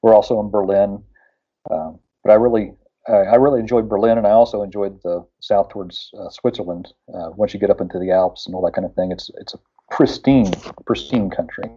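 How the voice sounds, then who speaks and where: A man's voice: fairly low pitch, brisk, dark tone, slightly rough, highs cut off. A man from West Virginia chatting casually on a radio show, rambling with lots of fillers and restarts.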